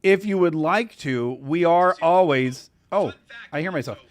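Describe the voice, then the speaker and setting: A man's voice: a little high, measured pace, no room sound. An American man in his forties hosting a live stream, telling a long rambling story with many restarts. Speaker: host of a live stream show. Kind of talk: casual live-stream chat.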